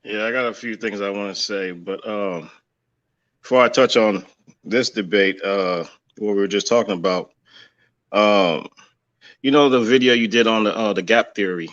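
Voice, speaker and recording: A man with a lowish voice gives loose, rambling religious commentary, leaning on fillers as he thinks. The audio sounds dull and muffled. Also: normal speed, fairly bright tone.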